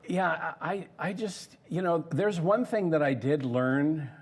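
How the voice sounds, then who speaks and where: An older man who once designed theme parks tells anecdotes in a casual interview, his voice fairly high and unhurried. He's a lively storyteller, acting out what other people said.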